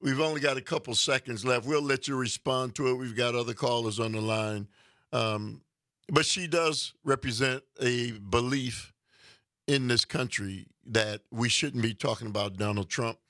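A man's voice: medium pitch, normal speed, fairly bright tone, dry recording, clean studio sound. A man hosting a call-in radio talk show, taking callers and arguing his points firmly. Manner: takes calls, argues back firmly.

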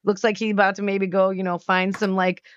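A woman's voice: medium pitch, level tone, brisk, highs cut off, a little hiss or hum. A woman in her forties co-hosting a morning radio show, chatting casually with lots of fillers and giggles. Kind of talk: casual on-air banter.

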